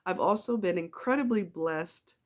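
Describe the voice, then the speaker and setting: A woman's voice: on the low side, normal speed. A woman chatting casually to camera in a rambling, emotional vlog. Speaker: vlogger.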